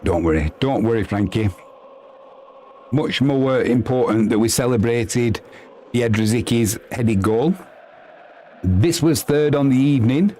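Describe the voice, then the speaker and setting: A man calls a football match live for his stream, chatting casually and answering viewers between plays. His voice sits at an everyday middle pitch and leaps into high yelps when a goal goes in. A faint hiss runs under the recording. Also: a little slow, long pauses. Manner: chatty and excitable, bursting into high yelps at goals.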